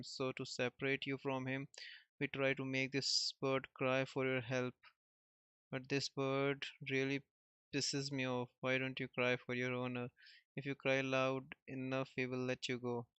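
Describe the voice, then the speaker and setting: A man reading out the lines of a scheming adult male villain in a flat, even voice. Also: mid-range voice, normal speed, smooth, dry recording, natural voice. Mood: taunting. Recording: dull lo-fi recording.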